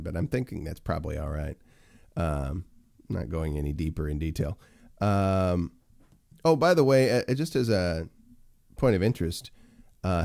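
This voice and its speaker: A man with a very low, gravelly voice rambles through a casual solo livestream. He fills his talk with ums and uhs and speaks straight to his chat. The sound is dry and close, with no room around it. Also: warm tone, dry recording. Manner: rambling, full of fillers, talks to chat. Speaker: livestream host.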